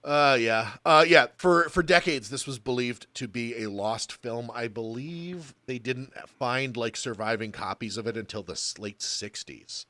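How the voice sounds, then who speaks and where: A man's voice: mid-range voice, measured pace, few pauses, pushed and bright, no echo. A man co-hosting a podcast, talking casually and bluntly about an old film and swearing freely. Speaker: podcast co-host.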